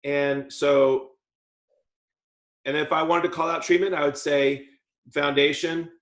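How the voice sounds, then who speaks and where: A man leads a dental team training in a lively, joking way, often slipping into what he'd say to a patient. His voice sits a little high. The sound bounces around an echoey meeting room. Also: measured pace. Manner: lively, jokey, acts out patient talk. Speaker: practice coach.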